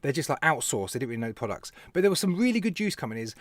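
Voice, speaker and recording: A man with a British accent hosting a casual live stream, telling stories in an animated way, laughing and talking to viewers by name. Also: medium pitch, racing, no room sound. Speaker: live show host, vape reviewer.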